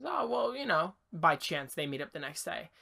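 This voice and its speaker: A man co-hosting a podcast, retelling a story in casual chat with an animated, rambling delivery full of restarts and asides, recorded in an attic. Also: on the high side, moderate pace, vocal fry. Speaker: podcast co-host.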